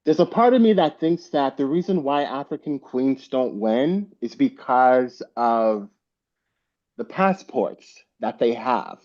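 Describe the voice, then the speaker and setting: Man, slow talker, mellow tone, emphatic, slightly muffled video call. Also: mid-range voice, lively intonation. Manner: emphatic, repeats points. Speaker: guest panelist. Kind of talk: casual group video chat.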